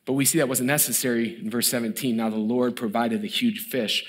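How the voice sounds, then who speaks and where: A middle-aged man preaching a sermon as pastor, who acts out the story's characters in a lively way and turns soft and hushed when he stresses mercy. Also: mid-range voice, fairly quick. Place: church.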